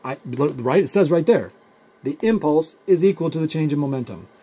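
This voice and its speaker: A man's voice: fairly high pitch, expressive, moderate pace, warm tone, husky. A man teaching a physics lesson in a chatty, rambling way, using everyday examples. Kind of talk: recorded video lecture.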